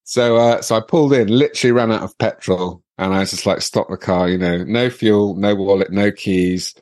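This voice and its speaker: A middle-aged man, a podcast guest telling an anecdote in a lively way, laughing often and stumbling over restarts. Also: fairly low pitch, moderate pace, dry recording.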